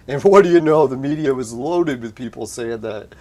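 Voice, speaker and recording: A man on a casual live stream chatting from his home setup, laid-back and quick to swear and laugh. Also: mid-range voice, mellow. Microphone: desk mic through a soundboard.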